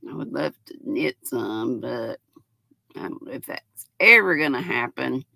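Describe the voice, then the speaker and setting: An older woman, hosting a casual livestream, reading out viewers' comments and greeting them warmly as honey and sweetheart, her voice cracking now and then. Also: very deep voice, expressive, a little slow, creaky, no room sound. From North Carolina. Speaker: livestream host.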